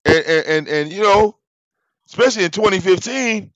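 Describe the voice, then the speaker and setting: A man tells a story in a casual, animated way. He swears freely and keeps restarting his phrases. His voice sits a little high, and the sound is dry and close. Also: moderate pace, no room sound, dull audio. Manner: animated, profane, repeats words and restarts. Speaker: channel host.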